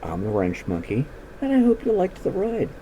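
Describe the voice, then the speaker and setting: A man's voice: on the high side, wildly swooping pitch, moderate pace, mellow, slight background noise, rough recording. A man hosting a show, telling a ranch story in a casual, folksy, plain-spoken way. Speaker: storytelling host.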